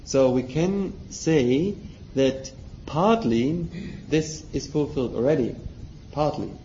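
A man's voice: fairly high pitch, slow, mellow. A man teaching a Bible study, reading passages aloud and explaining them with questions to his listeners. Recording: dull lo-fi recording, faint noise.

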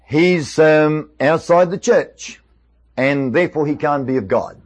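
A preacher voicing a calm, self-assured male Pharisee who coaxes smoothly and stays unruffled. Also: on the high side, unhurried. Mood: coaxing.

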